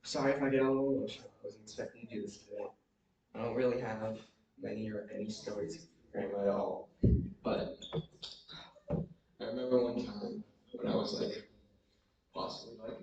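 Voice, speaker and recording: A tearful young man speaks unscripted at a memorial, emotional and apologetic, halting as he talks. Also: fairly low pitch, vocal fry, a little mellow. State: tearful, crying. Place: large hall at a memorial gathering. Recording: echoey hall, far from the mic.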